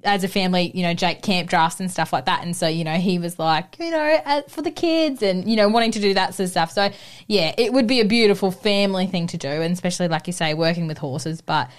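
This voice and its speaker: A woman chatting as host, agreeable and animated when telling a story. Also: fairly low pitch, quick pace, clean tone. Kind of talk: casual chat.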